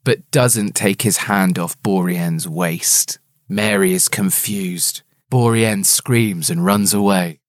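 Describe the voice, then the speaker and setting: A man's voice: deep voice, slow pace, no room sound, studio quality. A man co-hosting a casual book chat, playful and often laughing. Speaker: podcast co-host.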